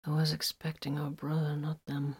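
A woman's voice: low voice, completely flat delivery, moderate pace, husky, exaggerated voice. A woman putting on a faint, wounded warrior man. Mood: weak, calm. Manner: quiet, weak, strained. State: weak from a wound. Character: badly wounded male space warrior, weak and calm.

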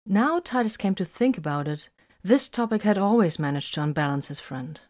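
Narrating an audiobook, a woman keeps her storytelling steady and even. She speaks at a normal speed with a medium-pitched voice.

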